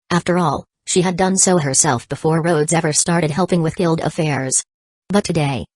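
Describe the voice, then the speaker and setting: A woman narrating a fantasy audiobook in an even, measured reading. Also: sits low, no room sound. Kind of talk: scripted narration.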